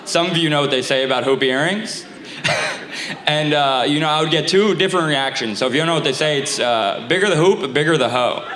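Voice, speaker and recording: A man's voice: on the high side, a little fast, a bit bright, echoey room, slight background noise. A young male comedian with a noticeable lisp and a slightly raised voice works through a stand-up set. His delivery is loose and conversational, checking in with the crowd as he goes. The sound carries the roominess of a live theater. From Staten Island. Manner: conversational, self-deprecating delivery with asides to the crowd. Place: theater stage before a live audience.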